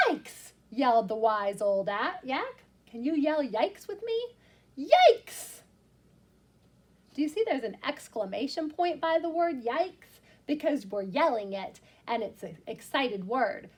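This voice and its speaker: A woman's voice: high-pitched, breathy edge. A woman teacher reading a picture book aloud to young children, explaining words simply and with expression.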